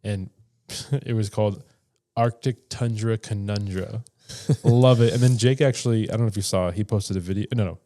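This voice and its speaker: A man co-hosting a podcast in relaxed casual chat, filling his talk with "like" and "dude". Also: fairly low pitch, moderate pace. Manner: relaxed, chatty, says "dude" and "like" a lot. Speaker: podcast co-host.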